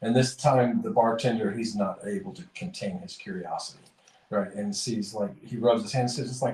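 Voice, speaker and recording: Brief: podcast host, rambling and self-correcting, echoey room, mic far off. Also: male voice, on the low side, moderate pace, darkish tone. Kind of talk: casual chat and joke telling. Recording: roomy, distant mic.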